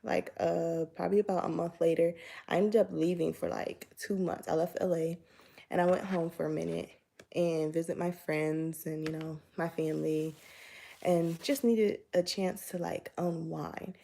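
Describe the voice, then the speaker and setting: Young woman, gravelly fry, chatty casual storytime, filler-heavy. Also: on the low side, fairly even intonation, normal speed, dark tone, a little hiss or hum. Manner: chatty, filler-heavy, acts out both sides of dialogue. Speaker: YouTuber.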